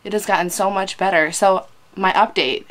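A young woman vlogging at home to a webcam, rambling and gushing excitedly with lots of "like", a little teary. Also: medium pitch, moderate pace. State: teary from crying. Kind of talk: casual fan vlog. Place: indoors at home, hot room.

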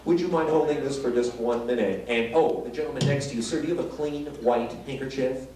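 A man's voice: mid-range voice, brisk. A man from Detroit performing magic and stand-up comedy live in a casino showroom, cracking jokes and bantering with the audience. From Detroit, USA. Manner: wisecracking, chatting with the audience. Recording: echoey live room, loud crowd and noise, mic at a distance.

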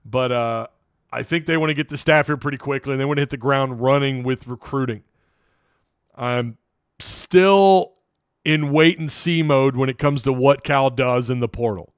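A man's voice: medium pitch, moderate pace, clear, resonant tone, no room sound, studio quality. A man hosting a live sports talk show, rambling casually and reading out viewer chat. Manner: rambling, chatty, lots of restarts. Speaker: host.

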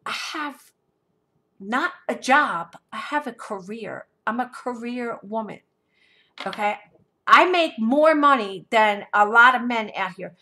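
Woman vlogger, fairly high, bright and forceful voice, indignant storyteller. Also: expressive, takes it slowly. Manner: emphatic, indignant, keeps asking "okay?". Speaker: vlogger telling a personal story. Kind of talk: casual storytelling to camera.

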